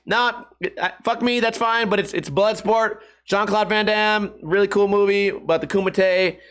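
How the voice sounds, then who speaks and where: A man's voice: high voice, fairly even intonation, normal speed, a bit bright, clean tone. A man hosting a casual solo podcast, rambling and swearing, laughing at his own jokes and putting on voices for quotes. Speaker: podcast host.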